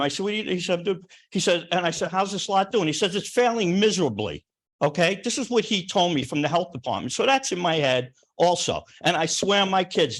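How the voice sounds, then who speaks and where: An older man speaking up at a town planning board meeting. He is plainspoken and emotional, circling back over the same points. His voice sits a bit high for a man. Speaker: resident speaking at a public hearing. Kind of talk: impassioned public comment.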